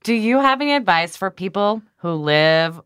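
A woman hosting a podcast with a lively, swooping voice, chatting casually and laughing often. Her voice sounds dry and close to the mic. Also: medium pitch, moderate pace, clean tone, no echo. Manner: lively, laughs often, reads listener questions. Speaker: podcast host. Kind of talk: casual chat.

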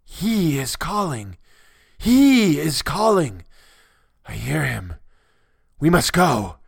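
A man's voice: a little high, sing-song, slow, vocal fry, breathy edge, no echo, clean studio sound, pitched above the performer's own voice, exaggerated voice. A man voicing a young sailor who has gone mad, crying out in wild, urgent pleas. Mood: frenzied.

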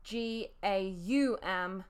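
A woman's voice: mid-range voice, very slow, clean tone. A woman co-hosting a casual podcast, hesitant with many ums, spelling words out. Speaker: podcast co-host. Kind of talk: casual chat.

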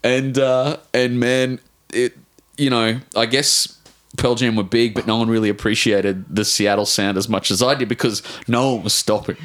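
An Australian man in his forties, an author telling a rambling, animated story in a casual interview, swearing casually and restarting his sentences often. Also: mid-range voice, normal speed. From Brisbane, Australia. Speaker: author guest.

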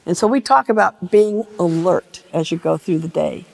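Older american woman, gravelly and husky, lively motivational storyteller. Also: on the low side, moderate pace. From United States. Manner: animated storytelling, acting out voices of family. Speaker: former tennis champion telling her story.

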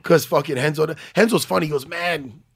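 A man's voice: on the high side, brisk, vocal fry, slightly rough. A middle-aged man, co-hosting a casual podcast chat and telling swearing-laced fighting stories. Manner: animated, swearing storyteller. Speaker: podcast co-host, jiu-jitsu fighter.

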